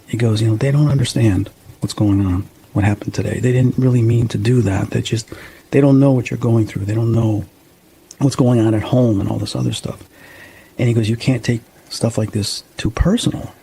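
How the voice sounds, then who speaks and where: A man's voice: medium pitch, steady tone, moderate pace, gravelly, dark tone, slight background noise. A man in his fifties, a guest medium, earnestly telling a personal story and acting out the dialogue. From United States. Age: 50s. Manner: earnest, acts out quoted dialogue.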